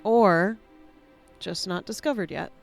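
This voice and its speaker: A young woman in a tabletop game session, speaking softly in character and narrating her character's actions. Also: medium pitch, gravelly, faint music behind. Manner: slow, soft, storytelling. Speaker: player. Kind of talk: in-character tabletop play and storytelling.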